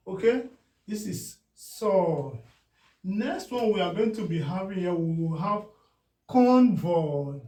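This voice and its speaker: A man teaching a beginners' spelling lesson, repeating each word slowly and often asking whether it is clear. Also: sits high, darkish tone. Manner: slow and deliberate, repeats words and checks understanding. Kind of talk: classroom phonics lesson. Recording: echoey room, voice from a distance.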